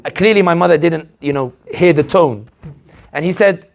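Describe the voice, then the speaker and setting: A political analyst speaking to an audience, telling stories and asking rhetorical questions in a lively, animated way. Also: male voice, on the high side, moderate pace, gravelly. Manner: animated storyteller, acts out quoted voices, rhetorical questions. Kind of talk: speech to an audience.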